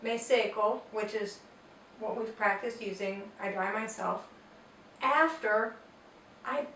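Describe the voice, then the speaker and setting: A woman's voice: medium pitch, slow, fairly bright tone. A woman teaching a Spanish grammar lesson, explaining patiently and step by step with example sentences. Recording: roomy echo, distant mic, faint noise.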